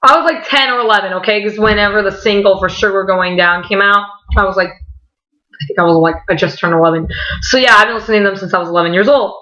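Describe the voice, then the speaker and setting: A young woman with a bright, tense voice tells a story casually, rambling and excited, with a lot of "like" and swearing. The recording is dull and lo-fi. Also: medium pitch, fast. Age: young adult. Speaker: vlogger.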